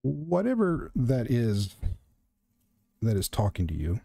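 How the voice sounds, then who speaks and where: A man running a horror tabletop game as game master, narrating in a calm, measured way. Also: medium pitch, creaky, no room sound.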